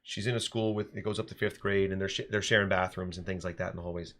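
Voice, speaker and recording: Animated man telling classroom stories. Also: low-pitched, fast talker. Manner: animated storytelling, frequent restarts. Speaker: teacher and podcast co-host. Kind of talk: casual podcast discussion.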